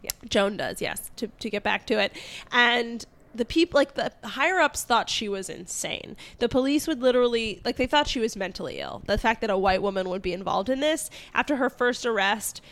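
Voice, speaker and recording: Brief: young woman, podcast co-host, pitch a touch high, loose and chatty, laughs easily. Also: lively intonation, normal speed, fairly bright tone. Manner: chatty, laughs often, trails off and restarts. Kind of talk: casual chat, retelling history.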